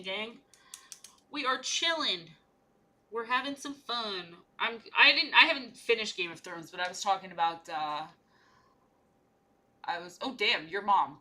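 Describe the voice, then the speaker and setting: A young woman with a fairly high, bright, forceful voice paints miniatures on a livestream. She chats casually and playfully, rambling from one joke to the next.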